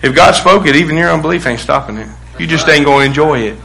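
A middle-aged male pastor preaching a sermon, animated, acting out quotes with bursts of shouting. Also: on the high side, fast, gravelly, poor audio.

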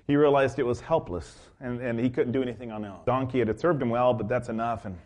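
A man's voice: mid-range voice, fairly even intonation, fast talker, a little mellow. Male pastor, sermon delivery, loose storytelling full of ums and restarts. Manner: rambling storytelling with fillers.

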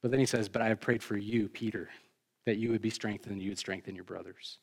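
A man preaching a sermon as pastor, talking in a conversational way with joking asides to the congregation, rising for emphasis and then dropping low. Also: fairly even intonation, fast talker, vocal fry.

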